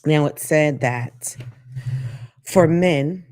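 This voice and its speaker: Low-voiced sassy woman talk host. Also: unhurried. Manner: frank, sassy, animated, laughs at own jokes. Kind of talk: live call-in show monologue.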